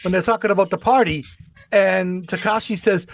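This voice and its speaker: A man from Boston telling stories in a casual podcast chat, lively and quick to act out quoted voices. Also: high-pitched. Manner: animated storyteller, breaks into quoted voices. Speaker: podcast guest.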